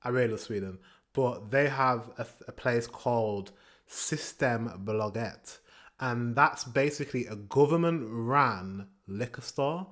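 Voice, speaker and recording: A British man from England hosting a reaction video, chatting casually and ranting with animated outbursts. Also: medium pitch. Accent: British English. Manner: animated, ranting, pauses to comment.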